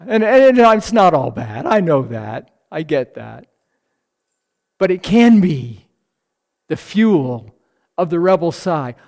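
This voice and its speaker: A man's voice: high-pitched, big pitch swings, takes it slowly, pauses often, a little mellow. A man delivering a devotional sermon in a slightly raised voice, taking his time over each phrase. He sighs audibly and swells into fervent emphasis on key points. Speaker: preacher.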